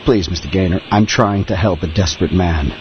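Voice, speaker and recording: An actor playing a deadpan male noir detective with a Brooklyn accent, formal and polite, in a comedy radio play. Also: sits low, a little fast, slight background noise, close to an everyday voice. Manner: deadpan, formal, sir-ending. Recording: slightly muffled recording.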